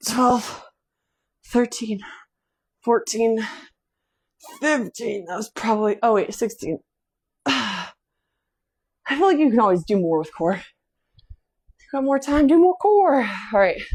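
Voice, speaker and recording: A woman with a fairly high voice leads a home workout at an unhurried pace. She counts reps aloud and chats between sets. She sighs often and sounds a little winded from the exercise. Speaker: fitness instructor and host. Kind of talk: casual workout coaching with faith reflections.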